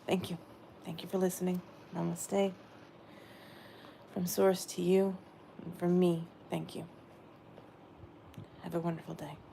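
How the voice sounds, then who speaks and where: A woman giving a gentle, meandering spiritual message she says she is channeling, often repeating her phrases. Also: lowish voice, level tone, measured pace, vocal fry, long pauses, a little hiss or hum.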